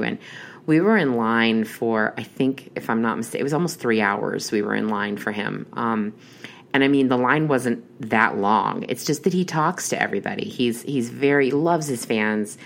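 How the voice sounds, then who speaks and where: Woman, very deep voice, casual storytelling, rambling, lots of fillers. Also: moderate pace, gravelly. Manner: chatty, rambling with many restarts and fillers. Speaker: horror podcast host.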